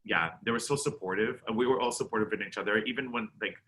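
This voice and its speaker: Lively, bright-voiced man telling stories. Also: fairly low pitch, fast talker, slight background noise. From Canada. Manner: animated storytelling, acts out quotes, laughs often. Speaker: eliminated contestant, drag performer. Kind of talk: casual interview chat.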